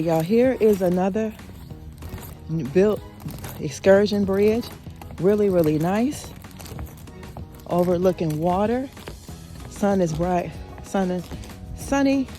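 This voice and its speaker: A woman chatting excitedly to viewers while walking a park trail, filming with a handheld camera. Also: fairly low pitch. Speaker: lifestyle vlogger. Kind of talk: casual outdoor walking vlog. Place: outdoor park trail by a pond.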